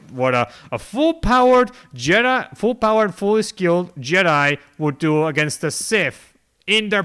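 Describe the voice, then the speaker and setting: A man hosting a casual podcast chat. His voice is bright and clean, and he talks loosely, chuckling and restarting as he goes. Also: fairly high pitch. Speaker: podcast host.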